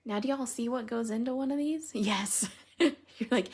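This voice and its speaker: A woman's voice: fairly high pitch, moderate pace, darkish tone, husky. A woman hosting a live stream, telling funny stories and chatting casually with viewers by name while she colors. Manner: chatty, giggly storyteller, replying to viewers by name.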